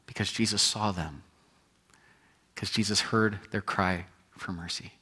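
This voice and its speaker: A man preaching a sermon as a pastor, telling the story with lively acted-out quotes and moving between loud, bright moments and hushed, quiet ones. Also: fairly low pitch, measured pace, husky.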